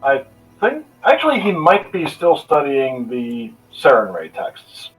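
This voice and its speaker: A man's voice: mid-range voice, huge pitch swings, unhurried, soft background music. Casual male player, slightly distant. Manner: casual, thinking aloud. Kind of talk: casual tabletop game play.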